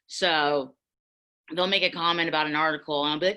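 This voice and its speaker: A young woman on a panel discussion, candidly telling stories with lively acted-out quotes. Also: deep voice, a little fast, clear, resonant tone, poor audio.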